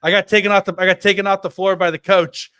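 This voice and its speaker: With a high voice, quick pace, and clean tone free of echo, this thirties podcast co-host tells a story casually on a close mic. He's an animated storyteller who performs the quotes.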